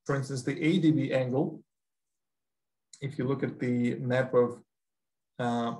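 A man's voice: medium pitch, a little mellow, poor audio. Hesitant Russian-accented man. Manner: hesitant, many fillers and restarts. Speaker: guest speaker. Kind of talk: academic Q&A answer.

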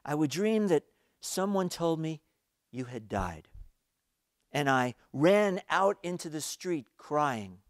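A man voicing a young son who speaks quietly and earnestly to his father in a sermon illustration. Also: a little high, very animated, takes it slowly, dry recording, clean studio sound, voice pushed up. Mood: pleading.

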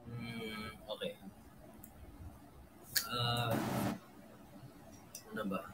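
A man's voice: on the low side, fairly even intonation, very slow, loud music behind the voice, poor audio. A man co-hosting a livestream, chatting casually and mixing in Tagalog words as he thanks viewers. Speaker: livestream co-host.

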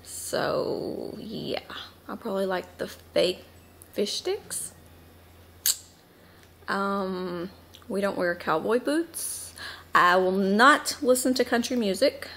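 Chatty Southern mom rambling at home. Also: female voice, medium pitch, takes it slowly, gravelly, pauses often, a bit bright, slight background noise. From Southern United States. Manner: chatty and rambling, with many ums and asides. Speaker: mom vlogger. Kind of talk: casual chat to camera.

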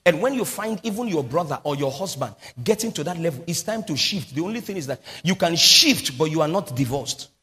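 A pastor with a Nigerian English accent preaching a sermon, drilling key phrases through call-and-response with the congregation and breaking into prophetic prayer. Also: male voice, fairly high pitch, animated, brisk, few pauses, sharp tone. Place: large church hall. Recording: long hall reverb.

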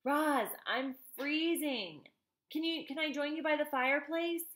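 A woman voicing a small, freezing female squirrel who pleads weakly, shivering and drawn out, in a much higher voice. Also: unhurried, a bit bright. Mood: pleading. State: shivering from cold.

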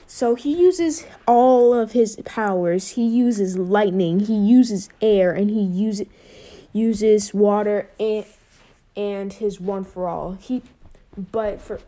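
A young woman casually retelling a fan what-if story in a mellow, warm voice. She rambles, restarts and fills pauses with ums as she goes. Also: medium pitch, steady tone. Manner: rambling, with many fillers and restarts.

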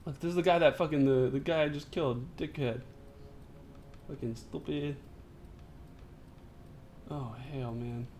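A young man co-hosting a gaming video, telling stories with lots of swearing and loud laughter. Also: mid-range voice, steady tone, a little slow, long pauses, background noise. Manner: profane, storytelling, loud laughing outbursts. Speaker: gaming co-host. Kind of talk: casual gaming chat.

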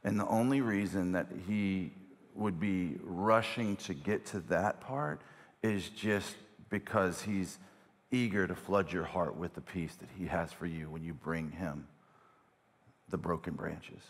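A man pastor preaching a sermon from a church stage, animated and emphatic, often repeating phrases for effect. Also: low-pitched, measured pace. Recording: long hall reverb of a church.

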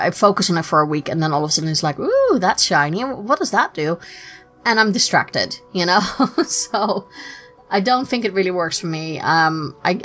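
A woman's voice: fairly low pitch, fairly bright tone, rough recording. A woman hosting a podcast, talking in a chatty, giggly way with frequent restarts. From Netherlands. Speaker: podcast host. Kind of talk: casual podcast chat.

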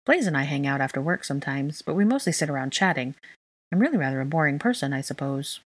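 A woman's voice: low voice, big pitch swings, fast, no room sound. A woman voicing a composed, lightly teasing young man in a fan fiction reading. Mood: calm.

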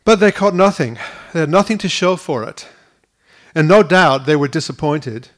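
A man's voice: on the high side, expressive, normal speed. Earnest man preaching a sermon. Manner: earnest, repeats words at restarts. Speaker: pastor. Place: school hall used for church.

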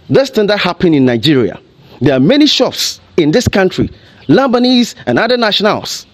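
A man's voice: a little high, very animated, normal speed. A man with a Ghanaian accent giving impassioned commentary on TV, emotional and firing off rhetorical questions.

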